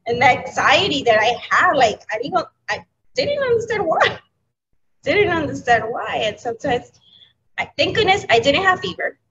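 A woman educator from New York City, talking candidly as an interview guest, halting and laughing softly. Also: sits high, animated. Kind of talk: emotional interview talk. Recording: dull lo-fi audio with clear background noise.

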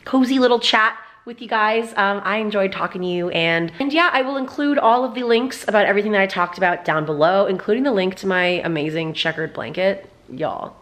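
A woman's voice: mid-range voice, fairly quick, hardly any pauses, fairly bright tone. A young woman vlogger chatting casually and rambling, with lots of filler words. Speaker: YouTube vlogger. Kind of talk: casual pop-culture recap chat.

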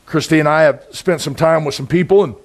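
A middle-aged man preaching a sermon in a conversational, intense way, with sudden loud bursts. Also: on the high side, fairly quick, gravelly. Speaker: pastor.

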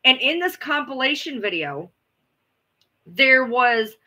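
A woman's voice: high voice, very animated, takes it slowly, pushed and bright. A woman host chatting casually with viewers, rambling, repeating herself and swearing now and then. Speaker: livestream host. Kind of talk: casual chat answering viewers.

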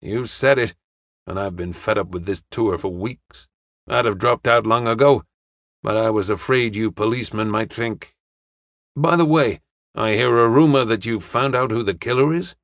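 A man's voice: fairly low pitch, moderate pace, a bit bright, no room sound, studio quality. Man doing a fed-up, blunt traveler. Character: weary, impatient male traveler. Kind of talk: audiobook character reading.

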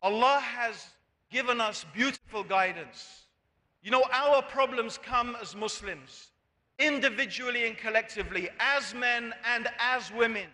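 A man's voice: extremely high pitch, a little slow, sharp tone. A man preaching a sermon, pressing the audience with rhetorical questions. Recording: long hall reverb.

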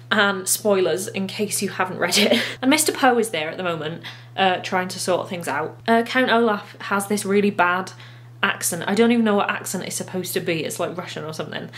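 A woman's voice: mid-range voice, fairly bright tone. A woman chatting casually in a vlog about the book she is reading, giggly and self-mocking, filmed at home on a handheld phone. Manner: giggly and chatty, laughs at herself. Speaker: book vlogger. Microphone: handheld phone camera.

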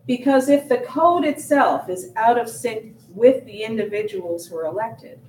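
A woman's voice: mid-range voice, darkish tone, far from the mic. A woman accountability officer giving an earnest, emphatic seminar presentation with repeated points. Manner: earnest, emphatic lecturing with repetition. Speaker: guest speaker, accountability officer. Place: seminar room. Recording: echoey room, recorded from afar with faint noise.

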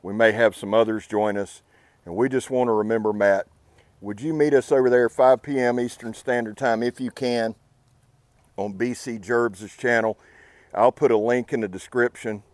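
A man's voice: mid-range voice, fairly even intonation, normal speed, dry recording. A man hosting an outdoor channel, talking earnestly and casually to the camera beside a campfire. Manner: earnest, heartfelt, laid-back. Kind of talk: casual talk to camera by a fire.

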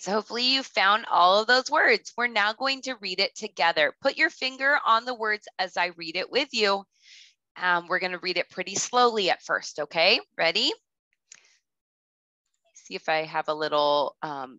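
A woman kindergarten teacher leading a recorded lesson for young children, speaking slowly and clearly, with patient prompts. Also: fairly low pitch, pushed and bright, no echo. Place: home. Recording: slightly dull lo-fi audio.

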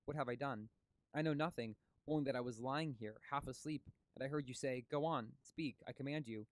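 A man voicing a young woman who speaks slowly and dreamily from a trance. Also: mid-range voice, no echo, lightly acted. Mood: puzzled.

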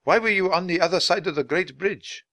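A man voicing a stern samurai who speaks in a measured, deliberate way, in a storybook reading. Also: high-pitched, fairly bright tone, no echo, studio quality, voice pushed up. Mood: questioning.

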